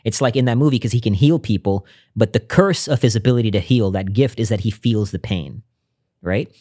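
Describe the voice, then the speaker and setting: A man's voice: on the low side, brisk, warm tone. A man speaking as a podcast guest, telling a personal story in an earnest, reflective way with frequent restarts.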